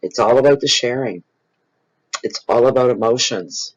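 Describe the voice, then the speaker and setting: A man, hosting his own tarot channel and talking casually and off the cuff to viewers. He is expressive and rambling, and he repeats phrases for emphasis. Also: medium pitch, normal speed. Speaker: tarot reader and channel host. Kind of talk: casual improvised spiritual talk to viewers. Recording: dull lo-fi recording.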